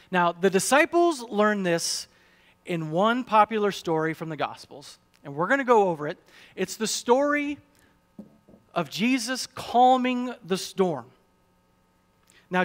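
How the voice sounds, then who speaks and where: High-voiced preaching man. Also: fairly bright tone. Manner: preaching with rising emphasis and rhetorical questions. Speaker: pastor. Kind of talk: sermon.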